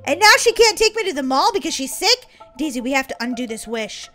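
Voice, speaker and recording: Brief: woman as a mischievous girl, very high and bouncy, with a music bed. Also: very animated, brisk, a bit bright. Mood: pleading. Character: bold mischievous young girl Molly. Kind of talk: Roblox role-play voice acting. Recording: music playing underneath.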